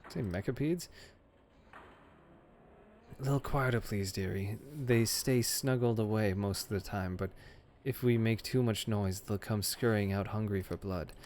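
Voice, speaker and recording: A man putting on a prim hushed older woman librarian. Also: on the low side, unhurried, slight background noise, natural voice. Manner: hushed, patronizing, calls people dearie.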